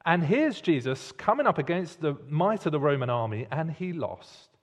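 A man preaching a sermon in a church hall, expressive and pausing for emphasis. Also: a little high. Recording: long reverb of a large hall.

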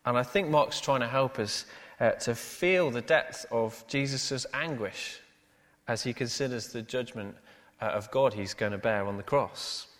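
A man's voice: mid-range voice, measured pace, fairly bright tone. A male pastor preaching a sermon, with many "uh" fillers and rhetorical tag questions. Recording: long hall reverb.

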